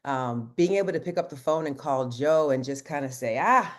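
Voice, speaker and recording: A man's voice: a little high, expressive, normal speed, a bit bright. A man who works as an insurance agent, telling his story in earnest on a team video call, speaking casually with lots of fillers and restarts.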